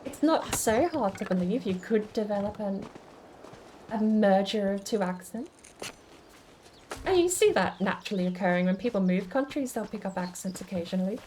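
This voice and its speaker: Speaking at medium pitch and normal speed, this woman streamer sounds expressive and a little mellow. She chats and muses aloud, replies to chat comments, and restarts often, over a faint hiss or hum.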